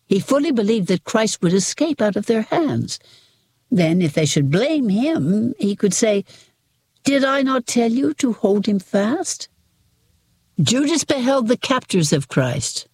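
Husky-voiced reader narrating scripture. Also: medium pitch, a little mellow, dry recording. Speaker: audiobook reader. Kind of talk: scripted narration of a religious book.

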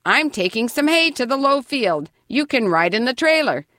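A woman voicing a friendly young male farmer who greets people brightly. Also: a little high, very animated, normal speed, no room sound, clean studio sound, pitched above the performer's own voice.

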